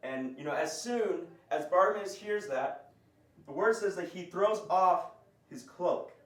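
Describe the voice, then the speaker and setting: A man's voice: high voice, animated, a little slow. A man teaching a conversational bible lesson, explaining and asking his group questions. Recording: roomy, distant mic.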